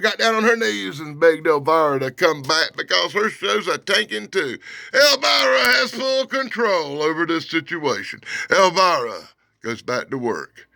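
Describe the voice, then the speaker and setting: A man reviews a comic book out loud with a sarcastic, animated delivery. His high, gravelly voice swings widely between loud outbursts and low grumbles. The sound is dry and close, with a sharp, bright edge. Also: dry recording.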